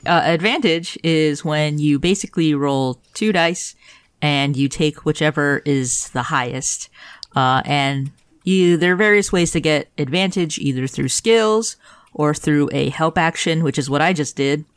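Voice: mid-range voice, measured pace, smooth, no echo. A player in a casual tabletop game who is playful and laughs often.

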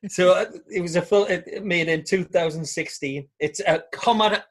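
Man, podcast co-host, husky, slightly high, chatty and laughing. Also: moderate pace. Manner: laughs often, jokey storytelling. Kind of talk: casual chat.

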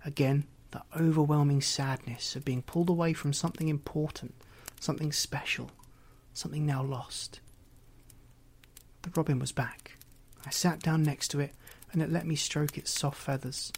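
A man's voice: fairly high pitch, fairly even intonation, normal speed, creaky, slight background noise. A man reading a first-person story aloud in a reflective way. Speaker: narrator. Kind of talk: audiobook reading.

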